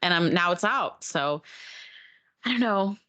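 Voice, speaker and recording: A woman's voice: on the low side, animated, unhurried, pushed and bright, dull audio. Giggly woman streamer chatting. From Oregon, USA. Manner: bubbly, laughs often. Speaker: guest streamer and dancer. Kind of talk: casual podcast chat.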